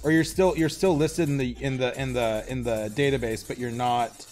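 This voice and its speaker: A man's voice: mid-range voice, fairly even intonation, moderate pace, a little mellow, faint music behind. Man joking around at a game table. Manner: joking, repeating himself as he thinks. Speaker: player. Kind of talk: casual chat.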